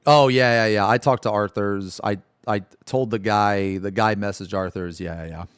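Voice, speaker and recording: Low-voiced guy streaming, rambling and cussing, dry close mic sound. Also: steady tone, normal speed, smooth, no room sound. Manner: rambling, laughing, swears a lot. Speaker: livestreamer. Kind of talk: casual livestream chat.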